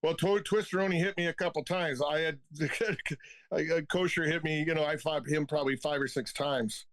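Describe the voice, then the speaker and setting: A man in his fifties, once a hockey enforcer, guests on a podcast and tells rough, laughing anecdotes full of swearing. His voice sits a little high. The sound is dry and close. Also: fairly even intonation, moderate pace, no echo. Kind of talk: casual storytelling.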